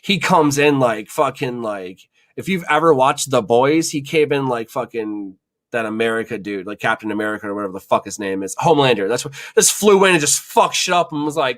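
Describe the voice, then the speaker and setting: A man's voice: mid-range voice, brisk, fairly bright tone. A man hosting a podcast, telling a kitchen story in a loose, rambling way full of swearing and fillers. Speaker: podcast host. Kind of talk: casual storytelling chat.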